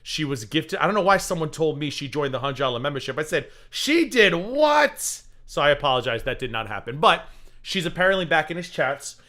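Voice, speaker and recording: A man's voice: a little high, animated, fast talker, sharp tone. A man hosting a livestream reaction show, giving casual, sarcastic commentary with mocking asides.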